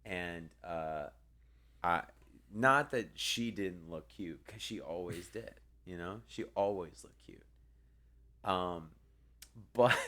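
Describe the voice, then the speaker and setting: A man's voice: sits low, fairly bright tone. A young man co-hosting a podcast, telling a story in a rambling casual way with many ums and restarts. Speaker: podcast co-host.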